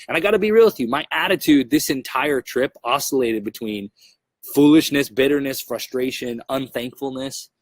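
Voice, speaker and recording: A young adult man hosting a podcast, telling a travel story in a casual, animated way and acting out his own frustrated outbursts. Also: mid-range voice, brisk, no room sound. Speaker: podcast host.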